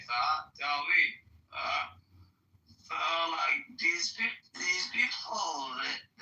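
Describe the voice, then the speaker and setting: A man's voice: a little high, sharp tone. A man talking as a guest in casual chat, blunt and profane, hammering his points home. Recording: echoey, distant from the mic.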